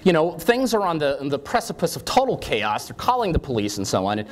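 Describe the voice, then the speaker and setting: A man's voice: on the high side, wildly swooping pitch, fast talker. A man in his forties giving a university lecture in a conversational storytelling style, often checking in with "okay?". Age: 40s. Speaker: guest lecturer.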